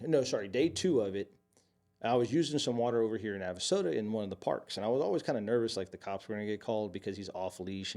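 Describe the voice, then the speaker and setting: A podcast co-host with a lowish, warm voice and some vocal fry chats casually, telling stories with animation. He rambles and keeps restarting his sentences.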